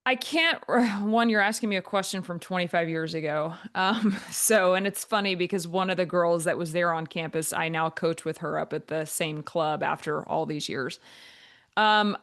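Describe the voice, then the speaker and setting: Low, monotone woman telling stories. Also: moderate pace. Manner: talks in long flowing answers with many fillers. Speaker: guest, volleyball coach. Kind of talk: podcast interview.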